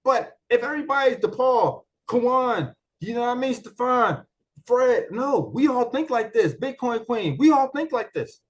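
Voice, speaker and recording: A man with a notably high-pitched voice delivers a casual training talk on marketing software. He speaks colloquially, repeats his points and leans on rhetorical questions to keep listeners engaged. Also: lively intonation, normal speed. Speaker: network marketer presenting a software walkthrough.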